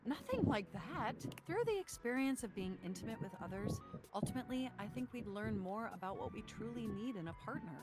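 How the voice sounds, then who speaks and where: A woman plays a stiffly formal, overly logical partner with stilted wording and a raised voice. Loud game music plays behind her. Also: fairly high pitch, animated, fairly quick, close to an everyday voice. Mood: cheerfully formal.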